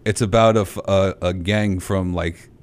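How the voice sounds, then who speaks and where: A man talking as a podcast co-host in a fairly low voice. He speaks bluntly and with emphasis, and curses often in casual chat. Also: fairly even intonation, normal speed.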